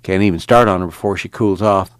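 A man voicing a steady young man who talks calmly and practically. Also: sits low, a little fast, clean tone, no room sound, natural voice. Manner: calm, easy, dry humor.

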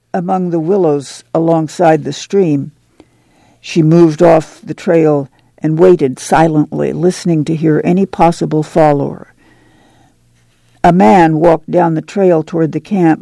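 A man narrating a novel as an audiobook, in a measured, unhurried way. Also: on the high side, gravelly, mellow, no room sound. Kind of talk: scripted narration.

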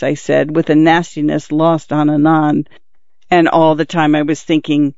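A man reads a literary novel aloud, measured and reflective in his delivery. His voice is slightly higher than most men's. The recording is dull and dry, with no room sound. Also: darkish tone, smooth, dry recording. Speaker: audiobook narrator. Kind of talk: literary audiobook reading.

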